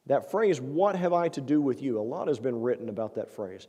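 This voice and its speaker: A male pastor's mid-range voice sounds warm and slightly rough as he preaches a little fast. Standing in a church sanctuary, he addresses the congregation earnestly and conversationally with rhetorical questions, and a long church-hall reverb trails his words.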